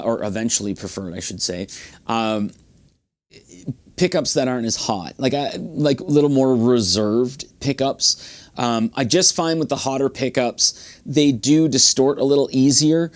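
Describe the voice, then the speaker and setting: Male guitar reviewer, casual rambling delivery, lots of ums, mid-pitched voice, studio mic. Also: a little slow. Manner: relaxed, rambling with frequent fillers and restarts. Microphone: studio condenser mic.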